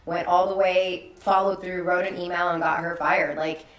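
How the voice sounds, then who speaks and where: A woman's voice: lowish voice, flat delivery, normal speed, echoey room, low-quality recording. A woman talking candidly as a podcast guest, telling personal stories animatedly and acting out the voices she quotes. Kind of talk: candid conversational storytelling.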